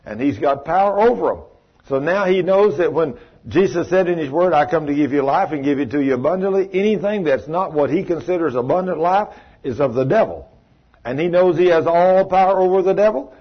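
A man preaching, telling stories in a folksy, animated way and acting out the voices in them. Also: on the high side, moderate pace, slightly rough. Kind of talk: sermon storytelling. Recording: muffled lo-fi recording.

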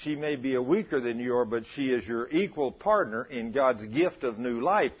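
A man preaching a sermon, telling folksy stories with a chuckle in a husky voice. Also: medium pitch, expressive, normal speed, muffled recording.

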